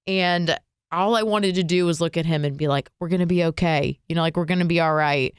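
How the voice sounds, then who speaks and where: A young woman co-hosting a podcast, retelling a personal story in an emotional, animated way full of fillers. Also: fairly low pitch, a little fast, clean tone, no room sound, clean studio sound. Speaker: radio and podcast co-host. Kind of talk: casual conversational storytelling.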